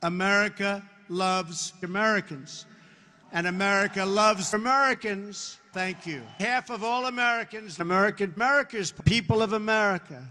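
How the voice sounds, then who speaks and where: A man's voice: high voice, fairly even intonation, moderate pace, noisy background. A man giving emphatic political speech lines, spliced and repeated over a beat. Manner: emphatic, repetitive declarations. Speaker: political speaker. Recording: reverberant hall with music underneath.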